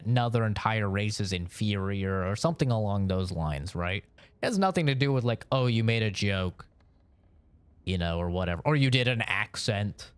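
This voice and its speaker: A young man from Oregon rambles casually with his stream chat, swearing freely and laughing between points. His medium-pitched voice is smooth, with no room sound.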